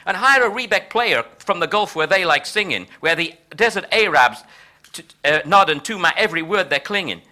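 A gloating Texan president with a put-on drawl, as a man reads him aloud. The voice is bright and lively and bounces high and low in boastful, folksy verse. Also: normal speed, exaggerated voice. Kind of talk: dramatic reading of translated verse.

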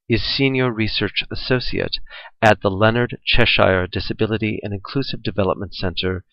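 A man with a fairly low voice reads a research report aloud in a measured, formal, even manner. The recording is dull and lo-fi, with a dry, close sound and no room echo. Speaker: reader of a report. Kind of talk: scripted reading of a research article.

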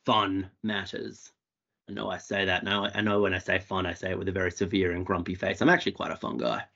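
A man with an Australian accent speaks plainly and quickly, with dry humour. His voice sits fairly low. The sound is dull and lo-fi, like video call audio. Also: creaky, bright, forceful tone. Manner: plain-spoken, quick and wry. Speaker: conference speaker. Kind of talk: talk to a video call audience.

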